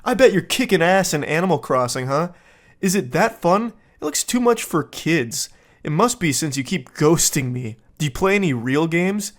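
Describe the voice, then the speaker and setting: Man doing a pushy young bro, loud, mocking, jumping up in pitch. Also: expressive, moderate pace, natural voice. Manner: sneering, mocking overblown delivery. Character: obnoxious young man, pushy and aggressive texter.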